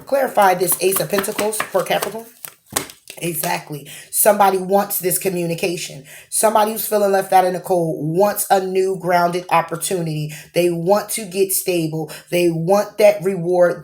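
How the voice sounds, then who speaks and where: A woman's voice: on the low side, a little mellow. A woman giving a tarot reading to camera, rambling, rephrasing as she goes and checking in with a questioning "okay?". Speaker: tarot card reader.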